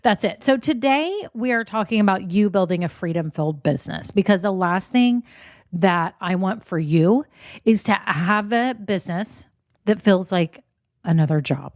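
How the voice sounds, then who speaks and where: A woman hosting her own podcast in a chatty, upbeat way, her voice a bit scratchy and hoarse from a swollen voice box. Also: medium pitch, lively intonation, normal speed, dry recording, clean studio sound. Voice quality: slightly scratchy voice. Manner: chatty and upbeat, says y'all. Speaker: podcast host. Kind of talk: casual solo podcast talk.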